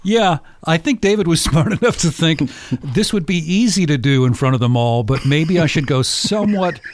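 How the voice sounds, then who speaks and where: A male podcast host telling a story casually, animated and often laughing. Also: on the high side, moderate pace, dry recording.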